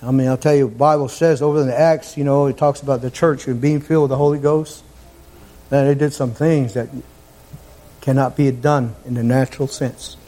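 A man preaching a fervent sermon in a church, sometimes rising to shouts. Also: medium pitch, fairly even intonation, a little fast.

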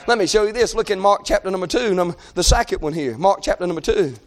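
A male preacher giving a fervent sermon, breaking into shouts and dropping to hushed tones. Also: high voice, fast. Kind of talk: revival sermon.

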